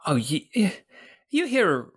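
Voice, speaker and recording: A man's voice: sits high, huge pitch swings, slow pace, fairly bright tone, husky, pitched above the performer's own voice, full character voice. A man voicing a gossipy, rambling city guard in his fifties who is nearing retirement, for a tabletop game. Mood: confiding. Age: 50s. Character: chatty rotund older male city guard.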